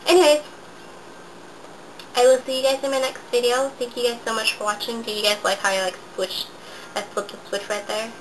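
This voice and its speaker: A woman's voice: a little high, flat delivery, normal speed, long pauses, noisy background. A young woman vlogging a casual makeup tutorial, talking in a chatty, rambling way with lots of fillers, her voice nasal and stuffy from a cold. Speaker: beauty vlogger.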